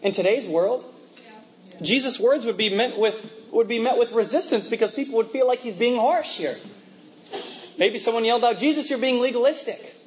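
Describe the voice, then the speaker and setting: A man's voice: very high-pitched, moderate pace, darkish tone, poor audio. A young man preaching a conversational sermon, full of rhetorical questions and laughing asides, with a mixed accent. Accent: mixed, from working in a multinational office.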